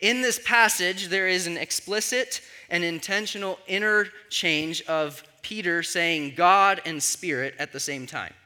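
Guy preacher, pretty high voice, super bright and sharp, chatty teaching sermon, keeps saying right?. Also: a little slow, hardly any pauses, smooth. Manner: conversational teaching with frequent "right?" check-ins. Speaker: pastor.

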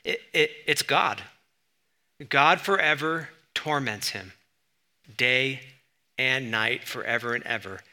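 Bright, sharp-voiced male preacher. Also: mid-range voice, takes it slowly, long pauses. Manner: conversational and emphatic, with sudden bursts of stress. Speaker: pastor. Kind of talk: sermon teaching.

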